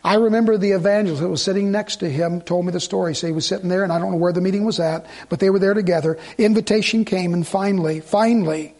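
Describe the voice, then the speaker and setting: A man preaching a sermon as pastor, swinging between loud urgency and hushed pleading. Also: high-pitched, fairly even intonation, fast, hardly any pauses.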